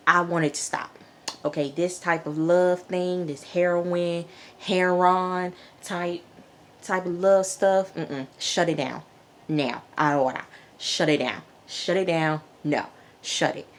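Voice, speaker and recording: A woman reviewing a TV episode in a chatty, animated way, laughing often and talking straight to her viewers. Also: sits low, slow. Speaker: TV show reviewer. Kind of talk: casual review vlog.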